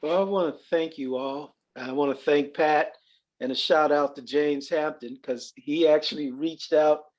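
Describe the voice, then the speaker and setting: A man's voice: a little high, steady tone, a little slow. A man on a group phone call giving thanks in a grateful, light tone. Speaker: caller. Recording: dull lo-fi line.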